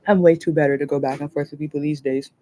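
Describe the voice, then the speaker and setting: A woman hosting a casual livestream chat, rambling and animated, swearing freely and laughing often. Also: low-pitched, fast, a little hiss or hum. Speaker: livestream host.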